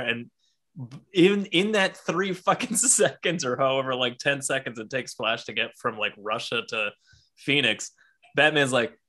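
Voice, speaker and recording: A man co-hosting a comic book podcast, talking excitedly, swearing a lot and acting out characters' lines. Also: on the high side, normal speed. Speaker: podcast co-host. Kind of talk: casual comic book discussion.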